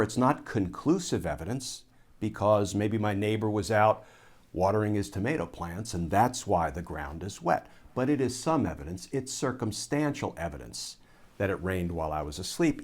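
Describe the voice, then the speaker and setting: A man from the United States with a fairly low voice talks straight to the camera as a legal commentator. He lays out his points deliberately, circling back to rephrase key ideas for emphasis. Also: lively intonation. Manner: measured and explanatory, restating phrases for emphasis. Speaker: former Army lawyer turned legal commentator. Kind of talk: solo commentary video.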